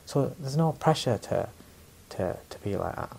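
A man's voice: mid-range voice, expressive, moderate pace, gravelly, a little mellow, breathy edge. A man in his forties, a former boxer, talking candidly about fatherhood and himself in casual conversation, repeating words and swearing bluntly. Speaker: podcast guest, former boxer.

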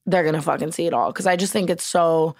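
Young woman, podcast guest, very deep voice, dry close mic, chatty, lots of "like". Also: fast talker, no room sound. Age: young adult. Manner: chatty, fillers of "like", casual swearing. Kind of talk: casual podcast conversation.

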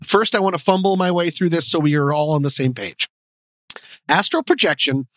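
A man's voice: fairly high pitch, expressive, fairly bright tone, no room sound, studio quality. A man co-hosting a comedic podcast, joking and laughing at himself as he talks. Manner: jokey, laughing at himself, quick bursts. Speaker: podcast co-host.

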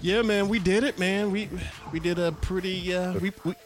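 A man's voice: sits high, fairly even intonation, moderate pace. A man hosting a casual sports chat show, laid-back and joking. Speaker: podcast host.

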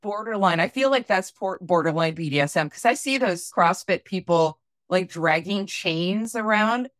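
A woman chatting on a podcast with a rambling, wry delivery and frequent restarts. Her voice is on the lower side and recorded dry and close. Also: expressive, normal speed, no echo. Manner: rambling, self-interrupting, wry. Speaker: podcast co-host. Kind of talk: casual podcast chat.

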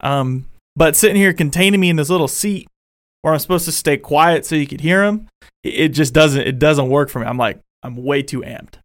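A young man hosting a casual sports fan show, excitable and rambling, full of restarts. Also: fairly high pitch, brisk, no echo, clean studio sound. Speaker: podcast host.

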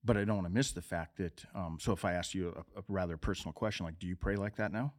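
A man's voice: low-pitched, fast. A man hosting a faith podcast, encouraging and often restarting his sentences. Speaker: podcast host.

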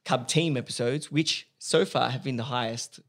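Upbeat man, gravelly edge. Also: mid-range voice, normal speed. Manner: upbeat, chatty, laughs often. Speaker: podcast host. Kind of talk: casual chat.

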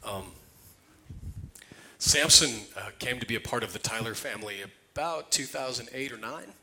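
A man's voice: medium pitch, normal speed, slight background noise. A man preaching, telling a funny family story in a loose, conversational way. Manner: conversational, jokey, animated. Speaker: pastor. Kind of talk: humorous sermon storytelling. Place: church sanctuary.

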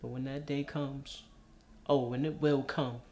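Grieving son, gravelly, cold and measured, faint room ambience behind; a man plays it. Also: mid-range voice, flat delivery, darkish tone, a little hiss or hum, natural voice. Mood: cold, bitter. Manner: cold and measured, rising to angry. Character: grieving young man scolding his mother. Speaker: actor in a drama clip.

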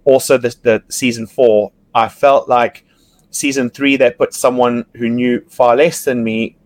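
A man guesting on a casual chat, telling stories in an animated way, laughing often and stumbling over restarts. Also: medium pitch, unhurried, no echo. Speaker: podcast guest, reality TV yacht crew member.

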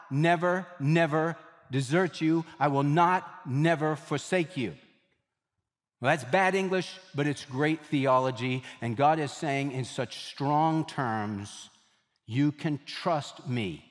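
A man preaching a sermon as pastor, speaking emphatically, repeating key phrases and slowing down to stress words. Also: medium pitch. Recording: reverberant hall.

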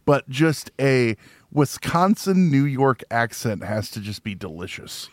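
A man's voice: mid-range voice, lively intonation, measured pace, dry recording, clean studio sound. A man from Illinois chatting casually on a podcast, joking and rambling with frequent laughs. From Illinois, near Chicago. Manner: jokey, rambling, laughs often.

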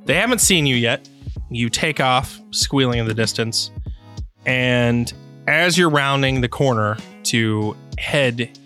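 A man's voice: mid-range voice, slow, sharp tone, faint music behind. A man narrating a tabletop game as game master, laid-back with joking asides.

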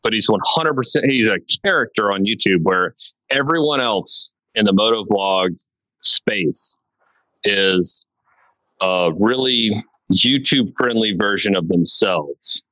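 A man's voice: on the low side, measured pace, bright, forceful tone, no room sound, poor audio. A man in casual podcast talk, rambling and profane, laughing as he goes.

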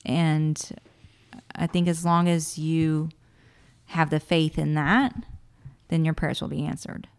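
A woman in her thirties, lower-pitched than most, tells a heartfelt story in an interview. She acts out her own past words and laughs often, her voice rising and falling with feeling. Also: steady tone, slow pace, long pauses, smooth. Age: 30s. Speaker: guest. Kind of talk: emotional personal storytelling in an interview.

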